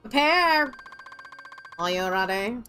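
A woman's voice: medium pitch, animated, slow, sharp tone, faint music behind. A young woman giving casual, sarcastic gameplay commentary, swearing freely and laughing often. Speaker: let's play streamer.

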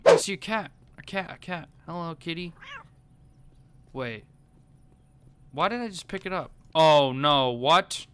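Panicky man yelling over gameplay. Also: fairly high pitch, animated, smooth, no room sound. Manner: panicky, yelps and pleads in rapid repeats. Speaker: gaming YouTuber. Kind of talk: gameplay commentary.

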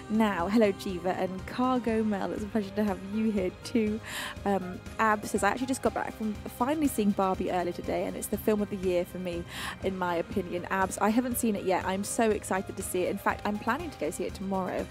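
A woman from the UK hosting a livestream, greeting her chat in a playful, affectionate, deliberately calm and soothing voice. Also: mid-range voice. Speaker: streaming singer-songwriter host. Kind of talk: casual livestream chat reading chat messages. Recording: faint music playing behind.

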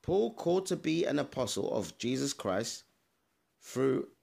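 A man with a gravelly, creaky voice leads a casual Bible study to camera. He talks in an emphatic, direct way and checks his sources as he goes. His pitch sits in a middle range. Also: sing-song, measured pace, darkish tone. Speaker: Bible teacher. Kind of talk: informal video Bible teaching. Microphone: camera mic, adjusting camera while talking.

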